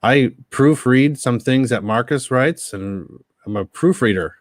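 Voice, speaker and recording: A man speaks in a loose, chatty way, laughing easily and restarting his sentences mid-thought. He comes through a video call with a dry, close sound, and his pitch is middling. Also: measured pace, dry recording. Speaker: panel guest, copy editor. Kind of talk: casual chat.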